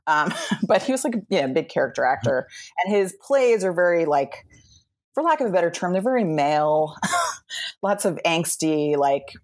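Woman from New York, deep low voice, chatty storyteller, laughs a lot between phrases. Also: big pitch swings, moderate pace, darkish tone. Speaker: comedy podcast guest. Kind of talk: casual anecdote telling. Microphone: remote video call.

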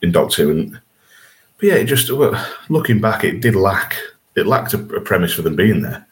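A man with a low voice co-hosts a casual podcast chat. He is chatty and jokey and happily pokes fun at himself. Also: very animated, brisk. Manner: jokey, self-deprecating, chatty. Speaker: podcast co-host.

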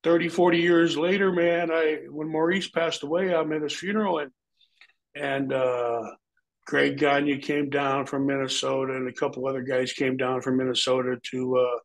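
A middle-aged man who used to wrestle professionally spins loose, foul-mouthed yarns in an interview, imitating whoever he's quoting. The audio is poor; his mid-range voice stays level in tone at an ordinary pace.

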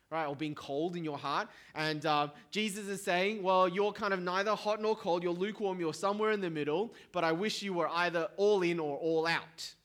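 A middle-aged man delivering a sermon with a fairly high voice. He preaches in a relaxed, conversational way and tells stories with little asides to the people listening. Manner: conversational, animated storytelling with asides to the congregation. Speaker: pastor.

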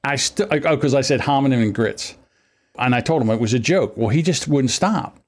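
A man's voice: medium pitch, brisk. A man hosting a casual podcast chat over an online call, telling stories and acting out what others said. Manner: animated storytelling, acts out quotes. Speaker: podcast host.

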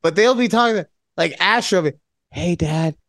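A middle-aged man co-hosting a podcast in casual chat, loud and teasing, prone to sudden high-pitched outbursts. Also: quick pace, no room sound. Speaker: podcast co-host.

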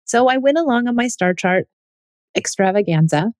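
A woman's voice: fairly high pitch, animated, moderate pace, darkish tone, dry recording. A woman in her thirties, a mother, speaking candidly and reflectively in a personal monologue. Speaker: mother telling her parenting story.

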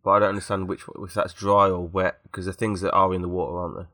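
A man's voice: sits low, little pitch movement, quick pace, sharp tone, no room sound, studio quality. A man with a cold, hosting a podcast in rambling, jokey casual chat. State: has a cold. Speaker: podcast host.

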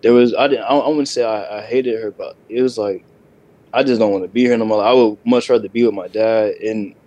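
A man's voice: fairly low pitch, steady tone, brisk, dark tone, highs cut off. A young man co-hosting a casual podcast, telling a story in a hesitant way. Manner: hesitant, lots of fillers and restarts. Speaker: podcast co-host.

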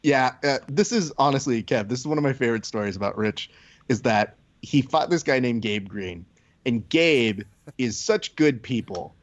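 A man's voice: medium pitch, highs cut off. A man hosting a casual podcast chat, telling stories animatedly and swearing freely. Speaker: podcast host.

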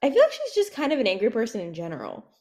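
A woman hosting a podcast from home, chatting casually about gossip and jumping quickly between topics. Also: a little high, huge pitch swings, a little mellow. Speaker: podcast host.

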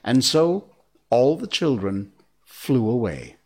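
A man voicing a motherly young girl telling a bedtime story to a group of boys, with a gentle, patient tone. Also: medium pitch, sing-song, slow, voice pushed up. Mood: storytelling.

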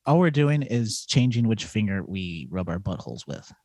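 A man's voice: fairly low pitch, very animated, moderate pace, a little mellow, no echo, studio quality. Blunt, crude male podcast co-host. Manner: blunt, crude one-liners. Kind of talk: casual comedic podcast chat.

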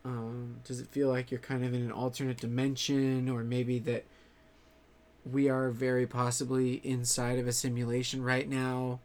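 A man chatting casually to his viewers in a rambling way, swearing freely and halting often on fillers. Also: mid-range voice, monotone, darkish tone. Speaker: vlogger.

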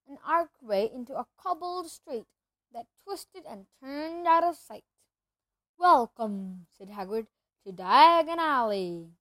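A woman's voice: high-pitched, dry recording. A woman narrating a children's storybook aloud, reading steadily with the occasional slip and restart. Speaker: reader.

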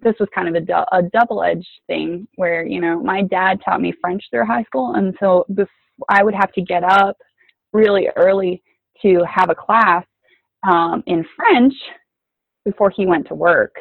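A young adult woman, a former homeschooler, chatting casually as an interview guest with quick asides. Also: lowish voice, vocal fry, dry recording. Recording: tinny phone-like line.

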